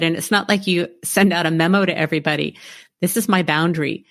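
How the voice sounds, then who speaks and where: A middle-aged woman hosting a podcast interview, talking in a warm, affirming, casual way about her own kids. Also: mid-range voice, fast. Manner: warm affirming, speaks of herself as a mother. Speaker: podcast host.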